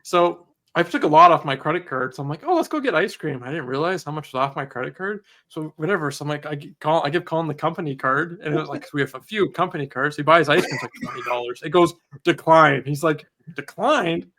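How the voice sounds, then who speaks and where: A man co-hosting a podcast, telling animated stories in casual chat and laughing often. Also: fairly high pitch. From Canada. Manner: fast, animated, laughing storyteller. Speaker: podcast co-host.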